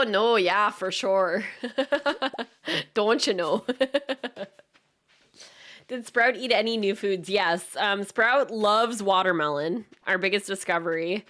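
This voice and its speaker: A woman's voice: mid-range voice, fairly bright tone. A woman from Canada chatting casually and laughing often while she streams a speedrun attempt. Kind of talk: casual live-stream chat while gaming.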